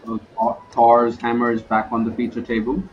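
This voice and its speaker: A male poker commentator in a booth at a poker event calls a live broadcast, blending play-by-play with playful, joking banter between hands. His medium-pitched voice is delivered completely flat at a normal speed. The audio has its highs cut off and some background noise.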